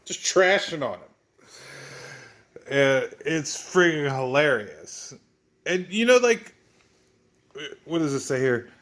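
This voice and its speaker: A man picks through a comic book with open scorn. He talks slowly and keeps stalling on repeated words before he finishes a sentence. His voice sits a little high for a man, and he swears freely. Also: expressive, a bit bright. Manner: sneering, swears a lot, stammering restarts. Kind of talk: mocking comic book review.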